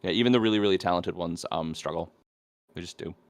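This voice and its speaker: A man's voice: deep voice, quick pace. A man co-hosting a podcast, thinking aloud casually about sports with many "I mean"s. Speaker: podcast co-host.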